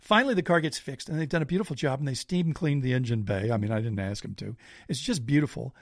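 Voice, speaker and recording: Man, gravelly voice, podcast guest telling a funny story, dry close mic. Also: medium pitch, fast, dry recording. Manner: animated anecdote-teller, self-deprecating. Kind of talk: casual storytelling.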